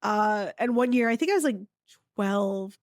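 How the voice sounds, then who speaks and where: A woman from Maine co-hosting a podcast, telling stories in a casual, animated way and laughing along. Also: medium pitch, normal speed, no room sound, clean studio sound. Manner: animated, lots of "like" fillers, laughs. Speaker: podcast co-host. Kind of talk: casual storytelling.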